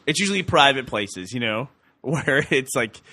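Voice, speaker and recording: Podcast host, Texan guy, bright forward tone, chatty storyteller who keeps laughing, dry studio sound. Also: mid-range voice, normal speed, no room sound. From Texas. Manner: animated storyteller, laughs often. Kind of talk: casual chat.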